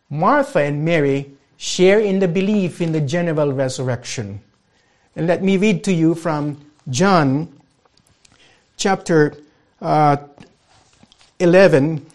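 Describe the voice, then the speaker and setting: Slow, deliberate preacher man. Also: fairly high pitch. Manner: reads scripture aloud, repeats phrases for emphasis; slow and deliberate, dropping to a hush on key phrases. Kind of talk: sermon.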